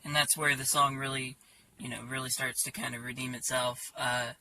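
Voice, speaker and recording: A man talking casually about his songs in a halting way, with many fillers and restarts. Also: medium pitch, level tone, pushed and bright, distant mic, slight background noise. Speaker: songwriter.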